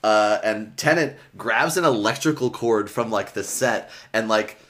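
A man with a somewhat low voice talks through a book's plot in a loose, chatty podcast style. He rambles, fills gaps with fillers, and swears freely as he goes. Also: measured pace, fairly bright tone. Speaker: podcast host recapping a book. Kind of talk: casual chat.

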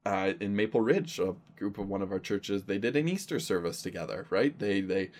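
A man's voice: fairly low pitch, brisk, a little mellow. A man, a pastor, talking earnestly and casually in an interview. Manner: earnest, conversational, thinks aloud.

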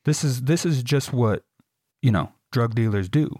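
A young man tells a rambling, self-deprecating story in a casual chat. His voice sits in a middle pitch and is recorded dry and close to the mic. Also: moderate pace, warm tone, no echo. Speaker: podcast co-host, storyteller.

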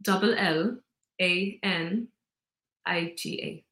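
A lowish, somewhat bright voice comes through at a slow pace with reverb around it. The speaker, a woman in her 20s from Gibraltar, chats upbeat as a casual interview guest, filling her sentences with "like" and "you know".

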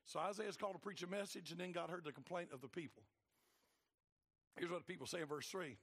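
Gravelly high-voiced preacher. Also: male voice, expressive, quick pace, pauses often. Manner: swings from loud preaching to low, quiet asides. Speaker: pastor. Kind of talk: sermon.

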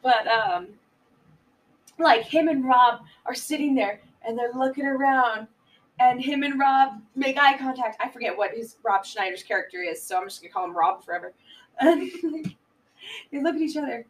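A woman casually retelling a film plot on a podcast, laughing often and jumping into loud voices for the characters. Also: a little high, normal speed, recorded from a distance, rough recording. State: giggly, a bit high. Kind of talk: casual chat.

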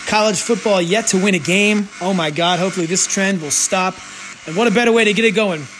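There's background noise as this man, a sports betting podcast host and bettor, rants sarcastically and profanely, rambling into a new sensitive desk mic. He has a high voice and talks fairly quickly.

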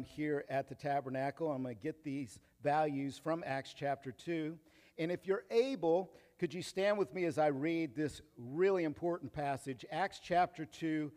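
A man preaching a sermon as pastor, reading scripture quietly and then driving his points home loudly. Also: fairly high pitch, long reverb tail. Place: church sanctuary.

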